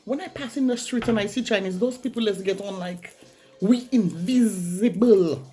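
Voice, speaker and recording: A woman's voice: medium pitch, moderate pace, mellow. A woman with a Saint Lucian accent ranting bluntly in a casual vlog, repeating herself for emphasis. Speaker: vlogger.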